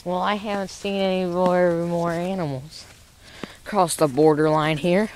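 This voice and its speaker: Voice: mid-range voice, steady tone, a little slow, darkish tone, a little hiss or hum. Goofy rambling vlogger outdoors in snow. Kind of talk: casual outdoor vlog.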